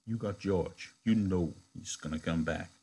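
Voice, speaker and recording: A man voicing a lonely, bitter older stable hand who speaks low and quietly. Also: a little slow, gravelly, breathy edge, exaggerated voice. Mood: brooding. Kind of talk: reading a novel aloud in a lesson.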